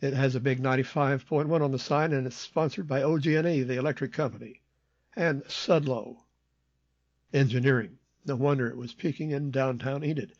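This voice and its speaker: A man reads shortwave radio news in a steady, matter-of-fact voice, at an ordinary middle pitch. The sound is dead dry and somewhat dull, like a lo-fi home studio recording. He rattles off times and frequencies plainly. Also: brisk, no echo. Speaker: radio program host. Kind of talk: scripted shortwave news reading.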